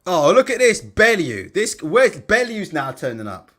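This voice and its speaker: A man's voice: high-pitched, sing-song, unhurried, fairly bright tone. A man hosting a casual live stream, blunt and sweary, laughing as he reads out chat comments. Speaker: livestream host.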